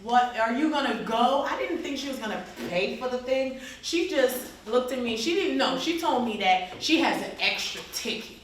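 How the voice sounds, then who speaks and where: A woman's voice: fairly high pitch, moderate pace, hardly any pauses. Storytelling woman, echoey room from afar. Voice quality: animated, often acts out quoted voices. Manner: repeats "you understand?" to her listeners. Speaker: grateful friend giving a testimonial. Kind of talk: casual storytelling to a group. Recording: echoey room, voice from a distance, faint noise.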